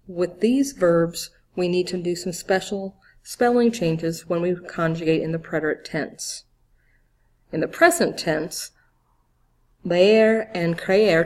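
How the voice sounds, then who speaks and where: A woman gives a calm grammar lesson at a very unhurried pace, her voice sitting somewhat low. She spells out letters one by one and stops to quiz the listener. Her manner stays patient and steady throughout. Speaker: Spanish teacher. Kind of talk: slow, clear grammar lesson.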